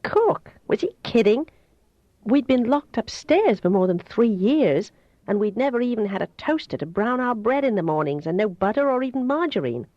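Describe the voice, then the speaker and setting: A woman reading a novel aloud in the first person with steady, even storytelling. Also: fairly high pitch, moderate pace, no room sound. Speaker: audiobook reader. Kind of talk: first-person audiobook narration. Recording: dull, dry home recording.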